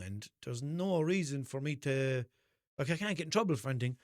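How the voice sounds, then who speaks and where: A man's voice: medium pitch, a little fast, no echo, clean studio sound. A young man with a Limerick Irish accent, hosting a podcast and telling casual stories, swearing freely and acting out the back-and-forth. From Ireland. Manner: animated, swears freely, acts out quoted exchanges. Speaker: podcast host. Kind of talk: casual storytelling monologue.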